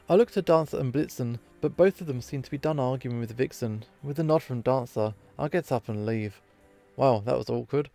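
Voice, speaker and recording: Brief: male gaming host reading a visual novel, dry asides, soft music underneath. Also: medium pitch, a little fast, creaky, dry recording. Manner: wry asides between narration.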